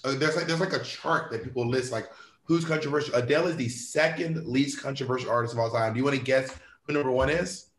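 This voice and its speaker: A man's voice: medium pitch, fast, fairly bright tone, reverberant, a little hiss or hum. A man, chatting playfully as an interview guest, often swearing and mimicking posh voices. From United States. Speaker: interview guest, drag performer. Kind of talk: casual chat.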